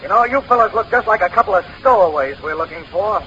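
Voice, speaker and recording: A man's voice: high-pitched, lively intonation, fast talker, slight background noise. An actor playing a stern, suspicious male ship's officer in an old radio comedy. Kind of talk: 1930s radio comedy acting. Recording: dull old radio recording.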